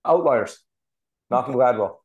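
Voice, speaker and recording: The recording is lo-fi, and the Canadian TV producer and author speaks a little slowly at medium pitch. He tells emotional stories with animation in a casual remote podcast interview.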